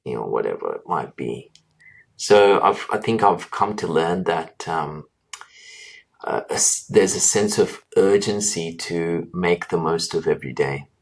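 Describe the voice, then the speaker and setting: A man's voice: sits low, animated, vocal fry, slightly rough. A man, a doctor, answering interview questions in an earnest, reflective way, often restarting his sentences. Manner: earnest, halting with restarts and fillers. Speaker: guest, doctor.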